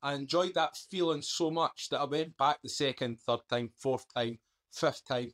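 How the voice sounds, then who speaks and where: A man's voice: medium pitch, moderate pace, a bit bright. A man, a guest on a podcast, candidly recounting his past in an earnest storytelling manner. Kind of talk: interview.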